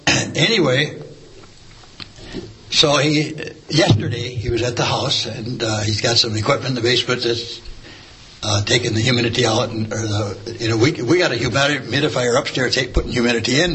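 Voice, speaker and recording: A man's voice: mid-range voice, normal speed, fairly bright tone, poor audio. A man tells a story casually. He rambles, with many fillers and restarts, as he shares a church testimony. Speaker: church member sharing a testimony.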